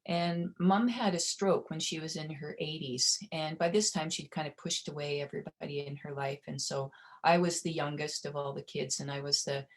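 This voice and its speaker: Middle-aged woman, low-pitched, webinar presenter; gentle, heartfelt storytelling with restarts, video-call sound. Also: steady tone, normal speed, hardly any pauses. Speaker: webinar presenter on provider well-being. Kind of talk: personal storytelling.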